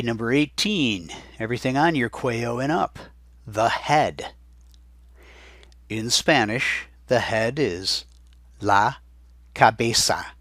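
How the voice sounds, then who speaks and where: Slowly and more than once, a man says each Spanish vocabulary word so students can write it down, keeping the recorded lesson chatty. His voice is mid-range and a bit bright, and the recording is dry.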